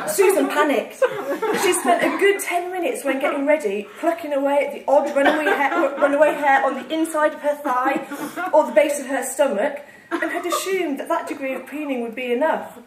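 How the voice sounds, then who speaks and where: A woman author reading her comic novel aloud at a live salon, with lively, amused storytelling. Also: high voice, heavy background noise. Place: literary salon with a live audience. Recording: echoey room, distant mic, audience laughter.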